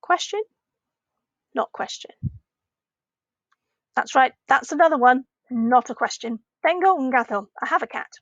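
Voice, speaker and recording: A woman teaching a recorded lesson for children, slowly modelling phrases with a clearly rising question tone and patient, encouraging talk. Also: high voice, a bit bright, dry recording, muffled recording. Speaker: primary Spanish teacher.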